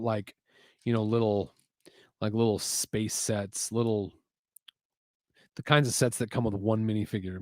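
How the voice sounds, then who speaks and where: Male streamer host, casual and chatty, mid-pitched voice, dry close sound. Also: no room sound. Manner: chatty, muses aloud, reads chat messages. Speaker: LEGO building livestream host. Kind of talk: casual livestream chat while building. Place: home garage.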